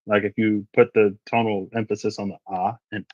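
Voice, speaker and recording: Lower-voiced man, tarot reader, casual and rambling with many asides; dry, slightly dull recording. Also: little pitch movement, unhurried, no echo.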